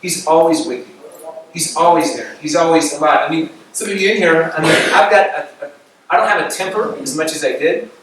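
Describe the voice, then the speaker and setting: Young man, casual sermon, animated storyteller, slightly high voice, distant mic, very echoey room. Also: brisk, noisy background. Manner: animated storytelling, acting out quotes. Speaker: campus ministry speaker. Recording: echoey room recording from far off.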